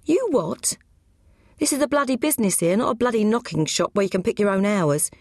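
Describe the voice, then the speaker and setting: A woman's voice: low voice, sing-song, normal speed, slightly rough, no echo, studio quality, heavily acted. A woman voicing a blustering, indignant middle-aged butcher man. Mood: outraged.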